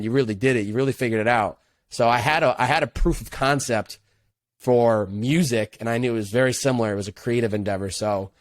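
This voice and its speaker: A young adult man, a podcast guest, telling his story in an earnest, reflective way with casual slang. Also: medium pitch. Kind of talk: casual interview conversation.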